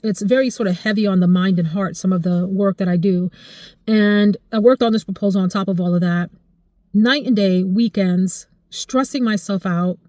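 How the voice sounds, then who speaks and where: A woman in her forties chatting casually to camera about her life, expressive and emotional, her voice jumping high when she gets excited. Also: no room sound, clean studio sound. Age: 40s. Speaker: vlogger.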